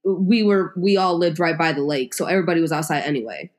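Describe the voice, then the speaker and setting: A woman's voice: sits low, fast, a little mellow. A young adult woman in casual chat as a podcast co-host, rambling with lots of "like" and restarts.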